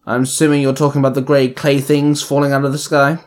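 A man voicing a cold, arrogant male assassin leader who speaks in a measured, condescending way in a fan audio story. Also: medium pitch, flat delivery, a little mellow, close to an everyday voice.

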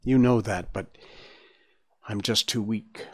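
A man's voice: on the low side, fairly even intonation, slow, slightly rough, dry recording. A man voicing Gobo, a weak, resigned young fawn. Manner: gentle, earnest, quiet.

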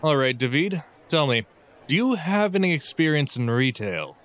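Bright-voiced man explaining in character. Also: on the high side, big pitch swings, normal speed. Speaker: tabletop roleplay player. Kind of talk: in-character improv in an actual play game.

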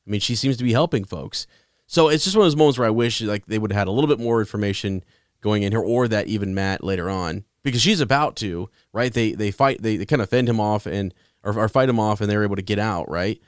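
A man's voice: lowish voice, fast talker, no room sound, studio quality. A man co-hosting a book discussion, talking in a loose, rambling way. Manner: rambling, lots of restarts and fillers. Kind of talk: casual chat.

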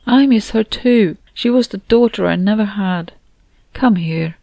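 A woman reading a warm, motherly woman in an audiobook, who speaks gently and soothingly to a grieving friend. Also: medium pitch, unhurried, creaky, no room sound, voice pushed up. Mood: comforting.

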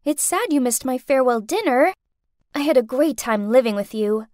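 A woman's voice: high-pitched, expressive, normal speed, darkish tone, no echo, clean studio sound. A woman voicing a sweet, smug teenage girl with a sugary way of talking.

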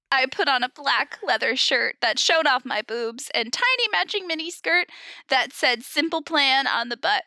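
A woman's voice: high voice, expressive, unhurried, sharp tone, no room sound. A young woman co-hosting a podcast, reading fan fiction aloud in a comic, dramatic way and often breaking into giggles.

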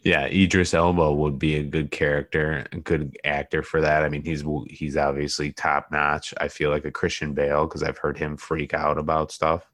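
A man co-hosting a podcast, rambling and joking in casual chat, often trailing off quietly. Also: very deep voice, little pitch movement, normal speed, hardly any pauses, no echo, clean studio sound. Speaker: podcast co-host.

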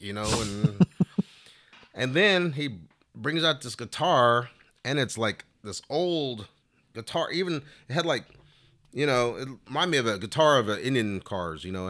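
A man's voice: on the low side, fairly bright tone. A man telling a long story in casual interview talk, rambling along with plenty of "you know" fillers. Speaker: flute player telling a story.

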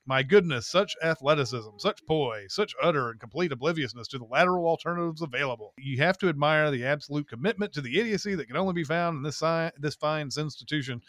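A man voicing a pompous old-time male announcer with rapid, grandiose announcer patter. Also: on the high side, expressive, fairly bright tone, dry recording.

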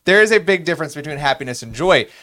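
A man with a fairly high voice co-hosts a casual faith podcast. He talks playfully and builds each point by repeating his phrases, like a sermon in conversation. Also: expressive, very fast, pushed and bright. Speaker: podcast co-host.

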